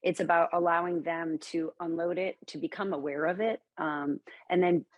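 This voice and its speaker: Low-voiced calm woman guest. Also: dry recording, dull audio. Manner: measured, thoughtful, gentle. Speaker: guest, author and speaker. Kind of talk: calm interview answers.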